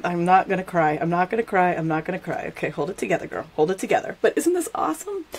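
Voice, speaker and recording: A middle-aged woman hosting a live craft stream, chatting casually and gushing excitedly to her viewers. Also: mid-range voice. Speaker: stamping demonstrator hosting a live craft show.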